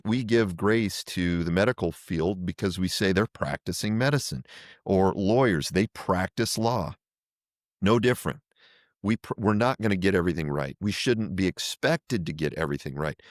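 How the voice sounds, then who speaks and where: A man's voice: low-pitched, no echo, studio quality. A middle-aged fire chief talking in an earnest, thoughtful way in a podcast interview, often repeating words as he searches for his phrasing.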